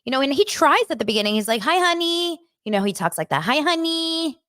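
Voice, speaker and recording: A woman hosting a podcast, chatting in a gossipy, animated way as she recaps a reality show. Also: mid-range voice, rapid-fire, dry recording, clean studio sound. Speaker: podcast host.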